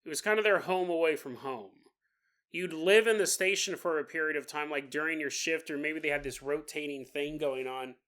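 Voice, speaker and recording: A man's voice: a little high, moderate pace, a bit bright. A man hosting a podcast, telling a story in a casual, jokey way, acting out the people in it and laughing often. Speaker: podcast host.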